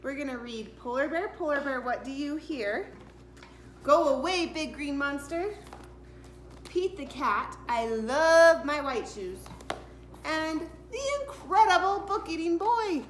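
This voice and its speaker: A woman's voice: high voice, lively intonation, unhurried, reverberant, slight background noise. A woman reading picture books aloud to preschool children in a sing-song, playful way. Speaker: preschool story-time reader.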